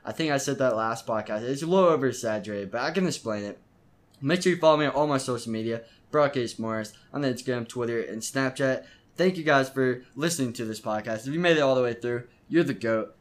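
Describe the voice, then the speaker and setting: A teenage boy hosts his own podcast and talks straight through a story from his life. His voice sits at an ordinary middle pitch, and the telling is loose and unpolished, full of false starts, stumbles and repeated words. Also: a little fast. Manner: rambling, frequent restarts and stumbling repeats. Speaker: podcast host. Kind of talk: casual storytelling monologue.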